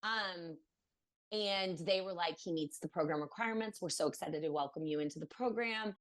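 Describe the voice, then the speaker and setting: A woman's voice: lowish voice, normal speed. A woman from Maryland, a podcast guest, telling a personal story in a casual interview, acting out what others said, with many fillers. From Maryland, USA. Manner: animated, acts out quoted voices, many fillers.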